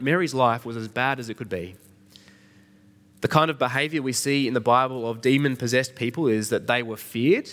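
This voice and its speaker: A man's voice: medium pitch, fairly bright tone. A middle-aged man preaching an Easter sermon in a conversational way, asking the congregation questions. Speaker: pastor.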